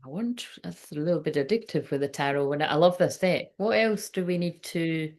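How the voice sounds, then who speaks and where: A woman's voice: low voice, fairly quick, darkish tone. Swearing, rambling woman reading tarot. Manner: chatty and rambling, swears freely, many fillers. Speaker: tarot reader. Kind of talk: casual spoken tarot reading.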